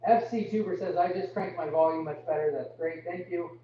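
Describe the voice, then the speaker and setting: A man's voice: fairly high pitch, brisk. A young man reads viewer comments and answers them on a live farm stream, sorry for the bad sound and straining to be heard. The recording is distant and very echoey. It is muffled, with a faint hum underneath. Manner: apologetic, self-deprecating, reads comments aloud and answers. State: straining his voice to talk loudly. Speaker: farm livestream host. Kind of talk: live Q&A reading chat comments. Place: indoors on a farm.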